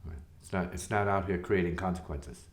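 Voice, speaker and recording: A man's voice: low-pitched, fairly even intonation, fairly quick. A man, a spiritual teacher, speaking reflectively and rhetorically and often checking in with "see?". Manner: rhetorical, keeps asking "see?". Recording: echoey room.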